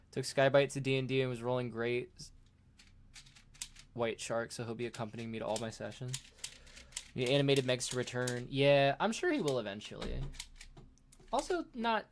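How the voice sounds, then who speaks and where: Gravelly-voiced rambling streamer. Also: medium pitch, slight background noise. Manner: rambling, chatty, laughs often, reacts to chat. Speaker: livestream host. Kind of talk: casual livestream chat while unboxing a toy.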